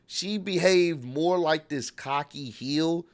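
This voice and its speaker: A man's voice: on the high side, slow pace. A man giving a casual, opinionated spoken recap of a show, rambling with frequent fillers. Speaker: wrestling recap vlogger.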